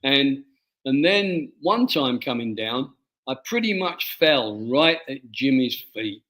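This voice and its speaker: A man, an author being interviewed, telling a personal story in a halting way and often repeating his words. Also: mid-range voice, very animated, fairly bright tone, low-quality recording. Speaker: author guest.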